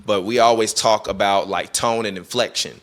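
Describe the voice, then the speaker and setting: A man's voice: fairly low pitch, moderate pace. A man chatting casually on a talk show, telling a story with lots of fillers and restarts and acting out what people said. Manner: animated storytelling, acting out quoted voices. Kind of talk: casual chat.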